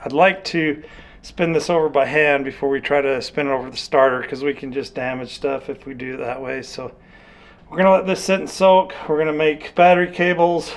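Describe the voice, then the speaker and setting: A man's voice: a little high, flat delivery, a little fast. A man talking casually to the camera as he works on an old truck, practical and dryly joking. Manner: easygoing, practical, dry humor. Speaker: mechanic vlogger. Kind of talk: casual shop talk to camera. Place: garage and outdoor yard.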